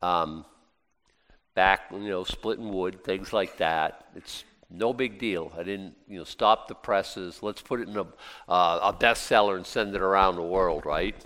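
Folksy preacher with a low voice in a hall. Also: male voice, unhurried, fairly bright tone. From United States. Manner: folksy, rambling, self-interrupting with asides. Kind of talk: conversational sermon. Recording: long reverb of a hall.

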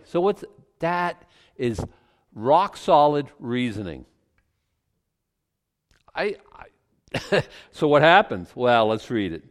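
A man preaching a sermon, reading scripture aloud and commenting in an animated way, chuckling often and restarting his sentences. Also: medium pitch, slow, long pauses. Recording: long reverb from a large hall.

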